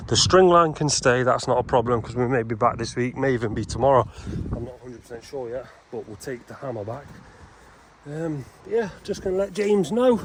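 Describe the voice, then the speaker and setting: Builder-vlogger, easygoing and talkative, speaking outdoors to a handheld camera with faint site noise. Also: male voice, mid-range voice. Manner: chatty, keeps addressing viewers as "guys". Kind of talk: casual vlog talk to camera.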